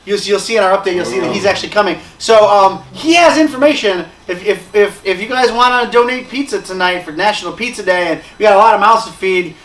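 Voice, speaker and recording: A young man hosts a live stream in an excitable, joking way, swearing freely, with a high and bright voice. He sits off the mic in a roomy small studio, and a faint hiss runs under him. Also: quick pace, hardly any pauses, far from the mic. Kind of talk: casual live stream chat.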